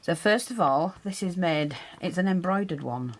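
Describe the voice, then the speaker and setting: A woman's voice: lowish voice, expressive, normal speed, a little hiss or hum. A woman teaching a hands-on craft tutorial, chatting and explaining as she works, her breathing audible while she concentrates.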